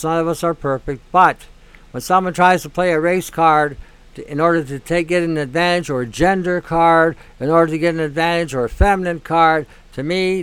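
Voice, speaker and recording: A man's voice: a little high, fairly bright tone, smooth, dry recording. A man hosting a show, talking in a blunt, ranting monologue that keeps repeating itself and swears freely. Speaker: show host. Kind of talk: opinionated monologue.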